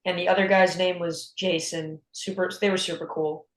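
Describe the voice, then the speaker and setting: A man's voice: high-pitched, normal speed. Casting: teen boy guitarist, laid-back interview guest, echoey room. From United States. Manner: relaxed, chatty, with repeated restarts. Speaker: young blues guitarist, guest. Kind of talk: casual interview chat.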